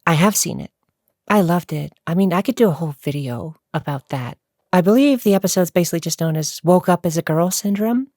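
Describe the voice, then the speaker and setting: Chatty woman vlogger, low gravelly tone, dry close sound, rambling Q&A answers. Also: expressive, brisk, darkish tone, dry recording. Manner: chatty, rambling, laughs often. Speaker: YouTuber answering viewer questions. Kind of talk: casual Q&A vlog.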